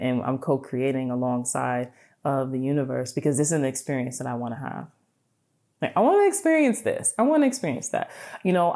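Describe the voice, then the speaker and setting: A woman hosting a podcast, giving an animated, casual motivational talk, swearing freely and checking in with "right?". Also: a bass voice. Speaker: podcast host.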